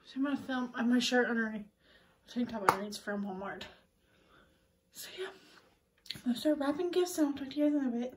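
A woman's voice: fairly high pitch, fairly quick, pauses often, a little hiss or hum, poor audio. A young adult woman chatting casually in her daily vlog, giggly and rambling with lots of fillers, filming herself from her car and then at home. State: out of breath. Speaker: vlogger.

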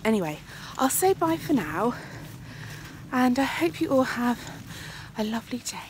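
A woman's voice: on the high side, sing-song, moderate pace, slight background noise. An English woman hosting a casual vlog, talking into her phone while out walking and later at home. She chats freely and often drops into a whisper. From England. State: out of breath. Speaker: podcast host. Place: outdoors on a walk, then indoors. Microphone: phone held at arm's length.

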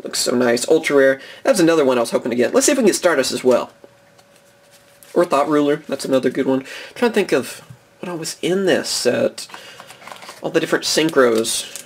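A man's voice: mid-range voice, expressive, brisk, husky. A young man in his twenties hosting a casual card box-opening video, chatty and enthusiastic, chuckling often between remarks. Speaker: card-collecting video host.

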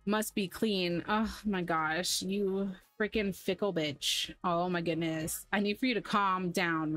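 A woman's voice: medium pitch, a bit bright, dry recording. A woman hosting a gaming channel, giving chatty, sarcastic, easily exasperated commentary while she plays. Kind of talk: casual gameplay commentary.

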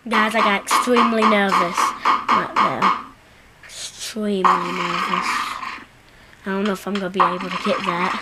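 Woman, gameplay commentator, excitable and jokey, mid pitch, loud noisy background. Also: a little slow, long pauses. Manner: excitable, self-mocking, chatty. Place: home, seated at computer.

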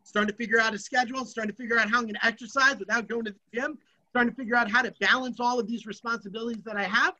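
An energetic, emphatic presenter leading a motivational workshop for students over an online video session. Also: medium pitch, fast, low-quality recording.

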